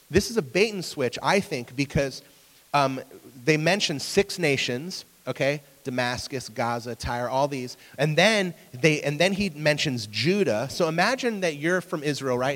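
A man's voice: on the high side, fairly bright tone. A man in his thirties preaching a conversational sermon, asking his listeners questions and acting out voices in his stories. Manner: conversational, asks the audience questions; acts out voices in anecdotes. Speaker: pastor. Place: church hall with an audience. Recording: long reverb of a hall.

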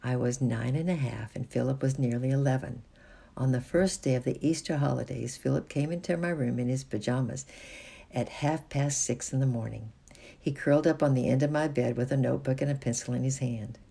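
A storybook reader with a gravelly, husky voice that reads in a gentle, steady manner. The tone is dark and mellow. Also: mid-range voice, a little fast. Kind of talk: storybook reading.

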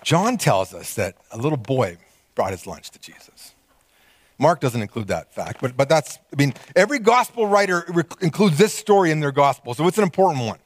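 A male pastor preaching a sermon, animated and conversational, acting out quoted voices with small laughs. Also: on the high side, a little fast, dry recording.

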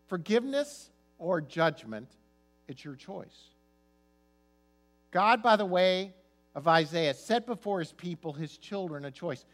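A man preaching a sermon as pastor, telling stories, his voice swinging from loud emphasis to soft, quiet asides. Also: sits high, lively intonation, unhurried, soft background music.

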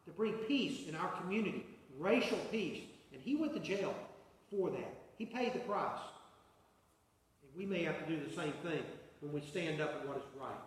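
High-voiced preacher in an echoey hall. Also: male voice. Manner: earnest, repetitive preaching cadence. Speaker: pastor. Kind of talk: sermon. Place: church sanctuary. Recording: echoey hall, mic far off.

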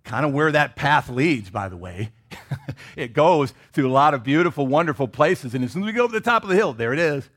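A middle-aged man from Michigan preaching a sermon as pastor, animated and joking with the congregation in casual asides. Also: a little high, brisk.

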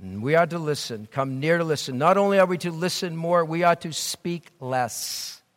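A man's voice: on the high side, normal speed. A man preaching a sermon as pastor, earnest, with his voice rising and falling. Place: church sanctuary. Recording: long reverb of a church hall.

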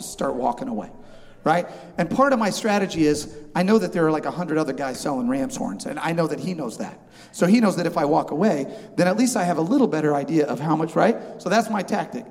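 Pastor with a hall's long echo. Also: male voice, on the high side. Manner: animated, acts out both sides of a haggle. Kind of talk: humorous storytelling sermon.

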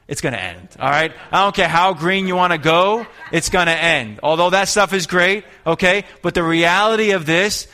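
A man preaching a sermon to a congregation, lively and conversational, asking rhetorical questions and acting out what people say. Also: fairly high pitch. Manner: animated preaching, acts out quoted voices, rhetorical questions. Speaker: pastor.

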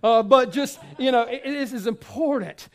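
A man's voice: very high-pitched, moderate pace. A male pastor giving a sermon in a conversational way, with many fillers and restarts.

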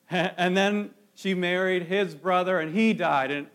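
A man with a high-pitched voice preaching a sermon. He talks to his congregation casually, asking rhetorical questions. He often stumbles and restarts his phrases as he goes. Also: slow, a bit bright. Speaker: pastor.

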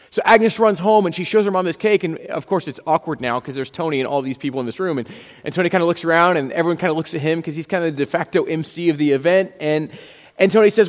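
A man's voice: fairly high pitch, quick pace, big-room sound. A man preaching a sermon as pastor, retelling a story and acting out the dialogue with frequent restarts.

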